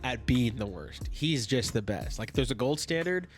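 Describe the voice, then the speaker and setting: A man's voice: medium pitch, lively intonation. Young guy hosting a podcast, banter and swearing, getting over a cold, faint music underneath. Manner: joking, swearing, quick banter. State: getting over being sick. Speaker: podcast host. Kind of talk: casual comedic podcast chat.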